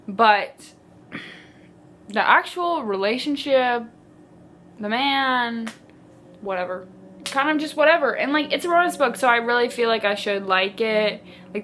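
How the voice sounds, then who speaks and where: A woman book vlogger talks casually and theatrically, sprinkling "like" everywhere. Her voice is bright and a little high. She takes her time, speaking at an unhurried pace. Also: a little hiss or hum. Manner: chatty and theatrical, heavy use of "like". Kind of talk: casual reading vlog chat.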